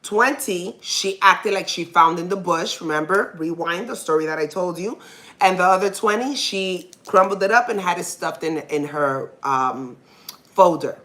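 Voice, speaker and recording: Woman podcast host, casual storytelling, fairly low pitch, rambling, nervous laughter. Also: moderate pace, fairly bright tone.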